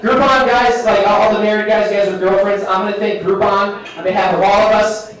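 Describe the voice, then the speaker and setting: High-voiced man doing stand-up in an echoey bar. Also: steady tone, brisk, hardly any pauses, fairly bright tone. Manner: self-deprecating, chatty with the crowd. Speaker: stand-up comedian. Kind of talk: live stand-up set. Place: bar stage with a live audience. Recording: echoey bar room from a distance.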